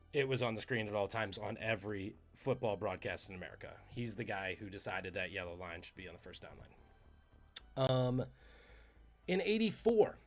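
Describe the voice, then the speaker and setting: Man telling trivia stories casually. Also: mid-range voice. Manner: animated, conversational storyteller. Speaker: podcast host.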